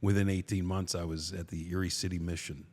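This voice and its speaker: A man from Pennsylvania, a podcast co-host and doctor, speaking in a halting way with many fillers and restarts. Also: sits low, flat delivery, a little mellow. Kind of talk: conversational podcast talk. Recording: roomy room with long reverb.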